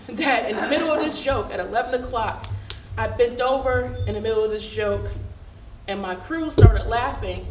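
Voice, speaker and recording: A woman in her thirties shares a candid personal story, mixing humor with hard moments. Her voice sits a little high and carries a roomy echo, picked up from some distance away with faint ambience behind her. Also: very noisy. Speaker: speaker telling her story.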